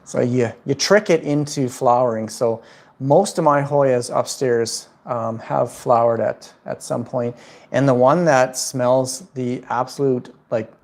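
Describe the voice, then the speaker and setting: A man hosts a laid-back livestream from his home, answering viewer questions about houseplants. His voice sits at an ordinary middle pitch. He rambles cheerfully, leaning on lots of "um" and "like" as he goes. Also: a little mellow. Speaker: plant livestream host. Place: at home indoors.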